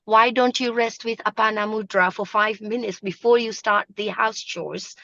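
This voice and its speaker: A woman's voice: a little high, pushed and bright, no echo, lo-fi sound. Emphatic woman teaching mudras. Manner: emphatic, instructive, repeats points. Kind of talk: live online talk show.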